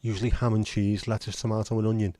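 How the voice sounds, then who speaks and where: A man's voice: on the low side, little pitch movement, fast talker, mellow, no room sound. A man hosting a livestream in casual, rambling chat, blunt and now and then swearing. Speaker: livestream host.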